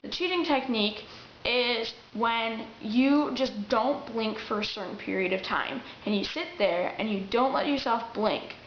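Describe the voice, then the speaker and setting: A woman's voice: on the high side, slight background noise. Young woman, casual chatty vlogger; lo-fi camera audio in an echoey room. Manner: chatty, with restarts and acted-out quotes. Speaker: vlogger giving acting tips. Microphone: camera mic. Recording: roomy, dull lo-fi camera audio.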